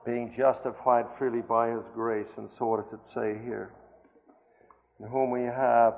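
A man preaching a sermon with fervent emphasis, mixing scripture with a family story and rising to loud exclamations on key words. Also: mid-range voice. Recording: tinny phone-like sound in a reverberant hall.

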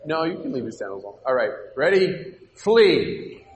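A man's voice: mid-range voice, animated, rapid-fire, slight background noise. A man teaching an interactive Bible lesson to children in a church hall, upbeat and coaxing, directing the kids with questions. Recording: echoey hall with long reverb.

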